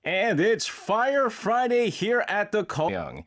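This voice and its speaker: A man's voice: sits high, lively intonation, slow pace, fairly bright tone. A man hosting a radio show in a studio, chatting casually, joking and laughing often at himself. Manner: jokey, laughs often, self-mocking. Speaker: radio host.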